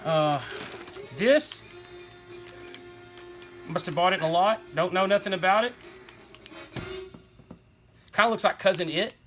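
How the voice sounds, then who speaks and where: A middle-aged man with a high-pitched, slightly bright voice enthusiastically shows off his toy collection. It's a casual, rambling show-and-tell chat.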